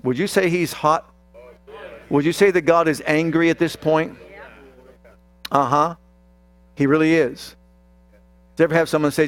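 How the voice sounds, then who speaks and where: A man's voice: fairly high pitch, lively intonation, a bit bright, dry recording. A man preaching a sermon, speaking emphatically and addressing the congregation directly. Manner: slow, emphatic, talks straight to the congregation.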